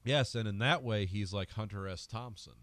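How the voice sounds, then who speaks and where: A man co-hosting a film podcast, rambling and joking, sometimes shouting out quoted lines. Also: lowish voice, normal speed, no echo. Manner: rambling, jokey, acts out lines in loud bursts. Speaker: podcast co-host. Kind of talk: casual film discussion.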